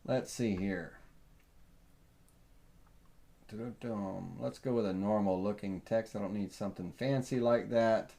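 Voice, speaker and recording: Rambling Southern man teaching software. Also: fairly low pitch, moderate pace, vocal fry. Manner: relaxed, rambling, thinks aloud with many fillers. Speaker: software tutorial host. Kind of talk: live software tutorial.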